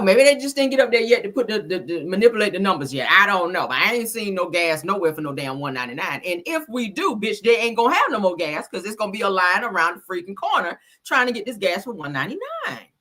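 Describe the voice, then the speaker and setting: A woman's voice: mid-range voice, fast talker. A woman hosting casual news commentary, blunt and profane, talking straight to her viewers. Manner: animated, blunt, profane, addresses viewers directly. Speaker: commentary host.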